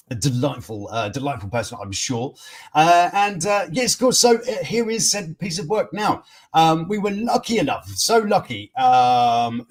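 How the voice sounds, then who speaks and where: A man hosting a casual news stream, rambling with many fillers and restarts. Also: a little high. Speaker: host. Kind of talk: casual live-stream chat.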